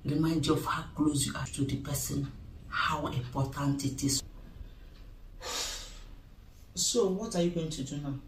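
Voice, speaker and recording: A woman's voice: low-pitched, lively intonation, normal speed, slight background noise. A woman with a Nigerian accent, talking emphatically and pleadingly in a comic skit dialogue. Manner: emphatic, pleading, mixes pidgin. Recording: roomy, distant mic, faint ambience.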